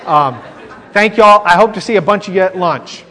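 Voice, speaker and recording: A man teaching a sermon, telling a Bible story with animated acted-out quotes. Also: sits high, moderate pace.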